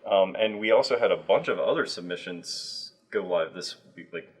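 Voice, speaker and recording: A man's voice: deep voice, moderate pace, slightly rough. A man hosting a livestream, chatting casually with a guest, with plenty of fillers and restarts. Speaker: livestream host.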